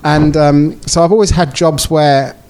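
A man's voice: fairly high pitch, fairly even intonation, a little slow, a little mellow. A man co-hosting a podcast in casual chat, rambling with many fillers and restarts. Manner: rambling, lots of likes and restarts. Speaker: podcast co-host.

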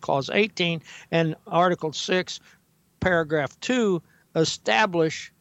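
An older man speaking as a guest historian on a talk radio show, deliberate and halting with frequent fillers, reading quotations slowly and carefully. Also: a little high, creaky, no echo. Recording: dull, dry lo-fi audio.

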